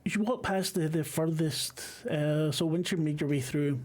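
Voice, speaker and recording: A man running a horror tabletop game as game master, setting scenes in a halting, descriptive way. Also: on the high side, darkish tone. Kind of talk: narrating a horror tabletop game over a call.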